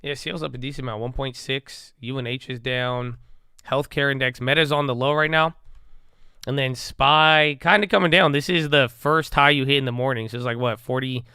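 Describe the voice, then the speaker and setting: A man's voice: medium pitch, fairly even intonation, normal speed, sharp tone, clean tone, no echo, clean studio sound. A man streaming casual live market commentary, rambling and mumbling in a slangy way. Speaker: stock-trading streamer.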